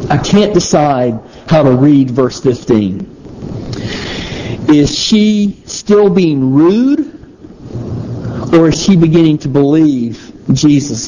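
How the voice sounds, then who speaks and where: A man preaching a sermon, teaching through a Bible passage in a conversational way, pausing and restarting phrases as he thinks aloud. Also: medium pitch, mellow, lo-fi sound, a little hiss or hum.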